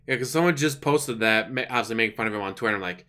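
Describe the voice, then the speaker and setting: A man's voice: medium pitch, rapid-fire, bright, forceful tone. A man giving casual, sarcastic, mocking commentary on a live stream.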